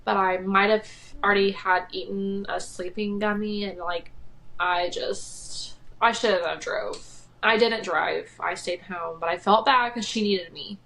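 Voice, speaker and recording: A woman's voice: medium pitch, steady tone, a little slow, a bit bright. A young woman co-hosting a podcast, telling a story in a rambling, casual way with lots of fillers and a slightly nasal voice. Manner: chatty, rambling with many likes and ums. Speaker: podcast co-host.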